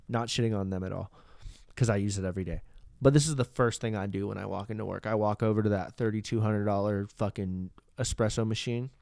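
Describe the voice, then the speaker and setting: Low-voiced man in a rambling, profane monologue. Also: a little mellow, no room sound, studio quality. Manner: rambling and profane, with frequent restarts. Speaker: podcast host. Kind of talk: casual comedic monologue. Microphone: studio microphone.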